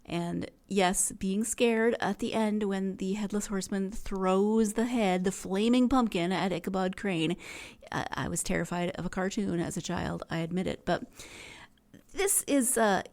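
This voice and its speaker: A woman's voice: medium pitch, measured pace, a little mellow. A woman hosting her podcast in a casual, rambling, chatty way, sounding stuffy after a sneezing fit. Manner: rambling, chatty, self-correcting. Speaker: podcast host. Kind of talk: casual solo podcast chat.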